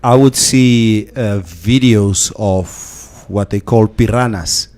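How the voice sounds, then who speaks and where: A man's voice: fairly low pitch, takes it slowly, darkish tone. A man, co-hosting a casual studio chat, who mostly listens and answers with short murmured agreements. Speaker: radio show co-host.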